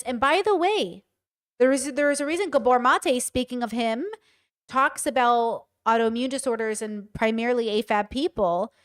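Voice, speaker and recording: A woman streaming casual live commentary, talking bluntly and with emphasis straight to her chat. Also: on the high side. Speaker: streamer reacting to a show.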